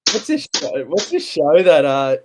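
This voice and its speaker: An Australian man hosting a live stream, relaxed and chatty, often pausing on "uh" and "um" as he talks. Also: fairly high pitch, very noisy. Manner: relaxed, chatty, halting with fillers. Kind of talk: casual live stream chat.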